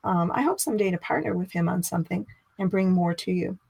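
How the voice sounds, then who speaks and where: A middle-aged woman giving a teaching talk as a spiritual teacher. She talks in a chatty, expressive way and lifts her voice when she acts out inner dialogue. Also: fairly low pitch, quick pace, creaky, slightly rough, dull audio.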